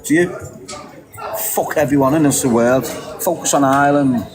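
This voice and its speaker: A man's voice: medium pitch, measured pace, low-quality recording. Sweary Scouse man ranting over a crowd. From England. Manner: sweary, forceful, repetitive. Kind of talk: heated opinionated rant. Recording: loud crowd behind the voice.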